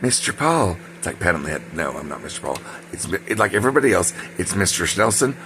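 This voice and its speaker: With big swings in pitch and a quick pace, a low-voiced man rambles through a story from his own life, packed with fillers and digressions. His tone is fairly bright, and there's a bit of background noise.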